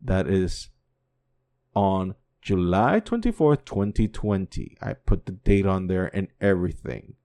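Male podcast host, very animated pitch, cursing freely, alternating quiet asides with incredulous near-shouted rants. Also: a little slow. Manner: swings from low muttering to loud incredulous outbursts; swears constantly, repeats himself. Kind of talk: profane casual commentary.

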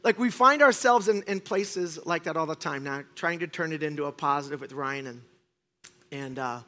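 A middle-aged man preaching to a church congregation. He tells a story in an animated, self-mocking way, acts out what others said, and slips in deadpan jokes. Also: fairly high pitch, moderate pace. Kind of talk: storytelling sermon. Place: church stage before a congregation.

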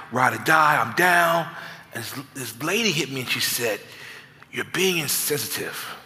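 A man preaching as a guest pastor, telling comic stories in an animated, self-mocking, conversational way. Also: medium pitch, big-room sound. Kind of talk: sermon with comic storytelling. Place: church sanctuary.

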